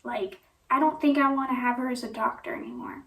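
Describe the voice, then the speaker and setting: A woman's voice: on the high side, brisk, gravelly. A woman telling a personal story on her vlog in a rambling way, full of "you know" and "like". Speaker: vlogger. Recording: echoey room, voice from a distance.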